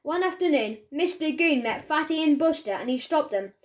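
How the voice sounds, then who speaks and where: A woman reads a children's storybook aloud with clear, steady narration. Her voice sits high. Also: moderate pace. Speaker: audiobook narrator.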